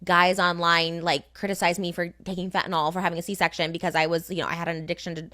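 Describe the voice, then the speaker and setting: A woman's voice: fairly low pitch, flat delivery, fast, pushed and bright. A woman in her thirties, a podcast guest talking candidly in a rambling, emphatic way full of "like" fillers. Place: podcast studio.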